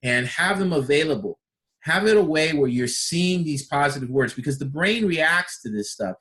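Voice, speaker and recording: A man's voice: a little high, lively intonation, moderate pace, fairly bright tone. Upbeat man leading a training session. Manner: enthusiastic, repeats himself, asks rhetorical questions. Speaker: personal development trainer. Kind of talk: instructional talk.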